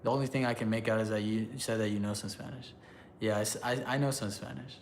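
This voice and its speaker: A man's voice: on the low side, fairly even intonation, a little hiss or hum. A man casually chatting on a live stream, reading chat aloud, loose and joking, laughing often. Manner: halting when he switches languages.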